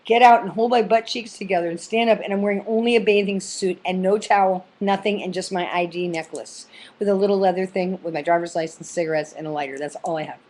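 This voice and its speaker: A woman's voice: mid-range voice, steady tone, fast, a little mellow. Rambling, profane woman telling a story. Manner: rambling, profane, lots of fillers. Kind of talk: casual personal storytelling.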